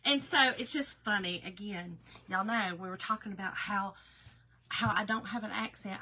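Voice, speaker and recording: A woman's voice: medium pitch, moderate pace, pushed and bright, husky. A woman with a Southern US accent chatting casually with viewers during a live crafting video, folksy and talkative. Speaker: craft business owner hosting a live video.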